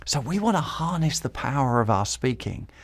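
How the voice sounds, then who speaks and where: A man's voice: mid-range voice, sing-song, moderate pace. A man hosting a podcast and teaching public speaking, repeating key phrases for emphasis and chuckling between points. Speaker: podcast host.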